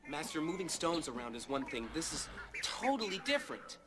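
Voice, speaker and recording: A young male apprentice in a film scene, reluctant and unconvinced. He sounds hesitant, his pitch rising and falling in a lively way. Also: brisk. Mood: doubtful. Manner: hesitant, skeptical. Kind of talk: film clip played on a stream.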